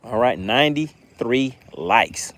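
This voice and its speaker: A man's voice: medium pitch, expressive, takes it slowly, fairly bright tone. A man with a Southern accent hosting a fishing livestream, chatting upbeat with viewers and reading out their comments. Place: outdoors fishing.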